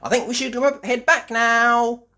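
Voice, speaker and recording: A man reading a storybook aloud, voicing a cheery female rabbit who drives a boat in a high, bouncy put-on voice. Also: steady tone, a little slow, pushed and bright, full character voice.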